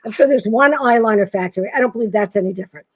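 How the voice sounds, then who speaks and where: A woman in her sixties from Massachusetts, an author telling stories as a guest in a casual interview, animated and self-deprecating. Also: fairly high pitch, very fast. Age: 60s. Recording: dull, dry sound.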